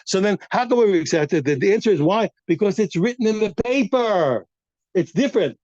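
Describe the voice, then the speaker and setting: A man teaching a daily Talmud class, animated and repeating phrases as he thinks aloud, on a dull lo-fi recording. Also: high-pitched, fairly quick, no echo.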